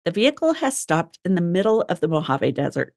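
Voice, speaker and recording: A young woman tells a true crime story on a podcast in a relaxed, chatty way, dropping swear words and laughing between the grim details. Her voice sits on the low side, and the sound is close and dry with no room echo. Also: brisk, gravelly. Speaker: podcast co-host.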